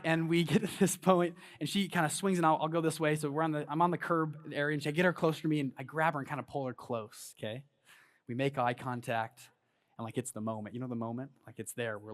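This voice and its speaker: Man, 30s, high-pitched voice, animated motivational speaker in a big hall. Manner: storytelling, animated, hypes the crowd. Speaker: conference speaker. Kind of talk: motivational stage talk. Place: large event hall on stage.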